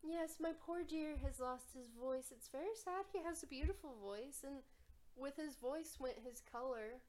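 A woman voicing a gentle, doting female carnival performer who speaks fondly and sorrowfully, with a little rambling. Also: sits high, a little slow, voice pushed up.

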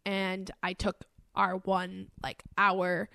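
A woman's voice: medium pitch, completely flat delivery, slow pace, vocal fry, pushed and bright, no echo. Lady rambling thru a story on a podcast, lots of likes and ums, super dry sound. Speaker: podcast co-host. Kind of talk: casual chat.

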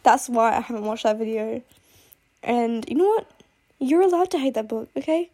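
A woman's voice: a little high, normal speed, a little mellow. Gushing young woman, sick and coughing. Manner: gushing and rambling, full of "like" and "oh my god". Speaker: book vlogger. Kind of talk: casual chat.

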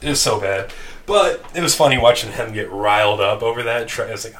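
A man co-hosting a podcast, telling a long story in casual chat, animated and laughing, with casual swearing. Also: on the low side, fairly quick. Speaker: podcast co-host. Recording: distant mic with faint noise.

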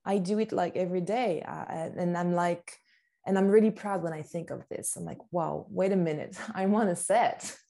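A woman with a French accent, an actress chatting as an interview guest, animated and laughing easily. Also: medium pitch. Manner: animated, sing-song emphasis, laughs easily. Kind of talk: casual interview chat.

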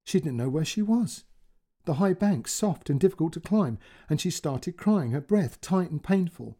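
Brief: male storyteller, expressive story reading, gravelly and husky. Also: on the high side, normal speed. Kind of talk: scripted narration of a short story.

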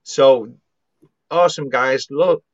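A man, a guest psychic medium on a video call, talking in a rambling, halting way with many restarts. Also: mid-range voice, no echo, muffled recording. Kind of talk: casual live-stream chat.

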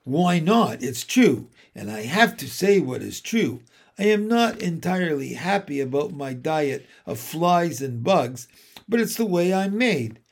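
Guy doing a practical little spider lady, slow and gravelly, just laying out the facts. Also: fairly high pitch, sing-song, exaggerated voice. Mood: explaining. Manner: cool, practical, plainly explaining. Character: calm, matter-of-fact female spider, small and clever. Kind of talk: storybook read-aloud.

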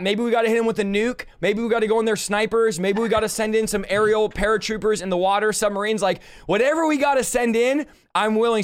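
Fast-talking, high-voiced fired-up host. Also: male voice, clear, resonant tone. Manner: animated storyteller acting out exchanges; emphatic, fired-up preacher's delivery. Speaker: podcast host. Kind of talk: casual chat.

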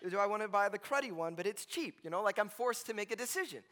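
A man preaching a sermon in a church sanctuary. His voice sits high and sounds bright and forceful. A long reverb rings around him from the big hall as he keeps checking in with the room. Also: animated, quick pace. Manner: conversational and joking, constantly checks in with "right?". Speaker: pastor.

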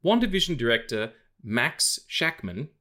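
A man in his thirties co-hosts a loose film podcast, talking in a rambling way full of ums and restarts. His voice sits at an ordinary middle pitch for a man. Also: big pitch swings, unhurried, pushed and bright. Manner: rambling, many fillers and restarts. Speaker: podcast co-host. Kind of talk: casual film podcast chat.

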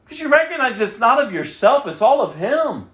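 A woman's voice: on the high side, big pitch swings, moderate pace. A woman preaching a sermon, emphatic, acting out the prayers she quotes. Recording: roomy echo.

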